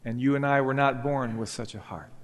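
A man's voice: mid-range voice, a little fast. A male pastor preaching a sermon, telling a parable and voicing its characters as he goes. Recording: long reverb of a church hall.

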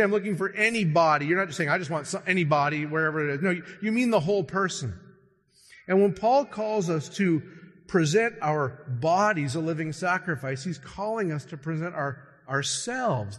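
A male pastor preaches with animated emphasis, slowing right down on stressed words and rushing through quick asides. His voice sits a little high and sounds slightly husky, carried in the long reverb of a large hall. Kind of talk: sermon.

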